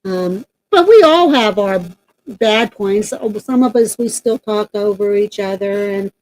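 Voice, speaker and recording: A woman talks in a loose, rambling way, full of ums and restarts. Her voice is mellow and dark, set at an ordinary pitch for a woman. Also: lively intonation, measured pace, low-quality recording. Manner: chatty, rambling with many fillers. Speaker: paranormal team member and co-host. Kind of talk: casual announcement chat.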